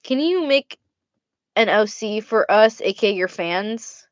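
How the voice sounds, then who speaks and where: Young girl doing a q&a vlog, swears a lot, laughs, mid pitch, dry close mic. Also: lively intonation, takes it slowly, no echo, highs cut off. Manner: blunt, swears freely, laughs often. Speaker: vlogger answering fan questions. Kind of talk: casual Q&A vlog.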